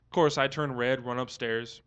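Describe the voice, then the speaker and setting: A young man co-hosting a loose, casual podcast. He tells his story in an animated way and acts out the quoted dialogue as he goes. His pitch sits in the middle range for a man. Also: normal speed, smooth, dull audio. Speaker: podcast co-host.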